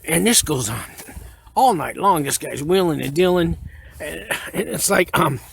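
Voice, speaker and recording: A man with a fairly high, gravelly voice tells a story straight to camera. He talks in a plain, blunt, rambling way, full of "uh" and restarts. Faint background noise sits under his voice. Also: lively intonation, measured pace, a bit bright. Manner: frank, rambling, with many fillers and restarts. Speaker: former inmate giving prison advice.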